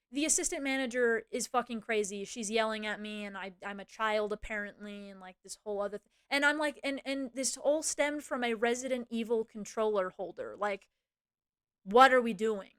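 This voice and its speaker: Young woman streamer, fairly high voice, casual rant, lots of swearing and fillers, quick bursts when quoting herself. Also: a bit bright, clear, resonant tone, no echo, studio quality. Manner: swears freely, many fillers like "like" and "you know". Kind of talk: casual storytelling rant to chat.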